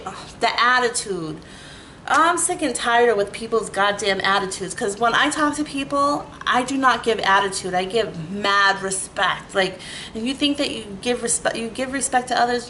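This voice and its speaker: A woman telling a story in a casual, animated rant, full of 'like' fillers and frequent swearing. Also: a little high, moderate pace, slight background noise, poor audio.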